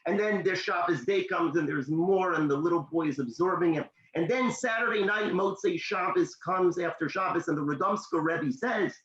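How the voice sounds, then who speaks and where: A motivational speaker, a man, telling a story in a discussion, animated, his voice leaping up when excited. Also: high-pitched, moderate pace, few pauses. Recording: echoey room, dull lo-fi sound.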